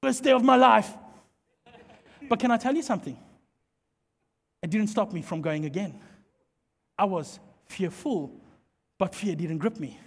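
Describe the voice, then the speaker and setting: Preacher, animated and playful, long church-hall reverb. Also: male voice, sits high, a little slow, creaky, pauses often, breathy edge. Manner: animated, playful, jokes with the congregation. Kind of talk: sermon with humorous storytelling.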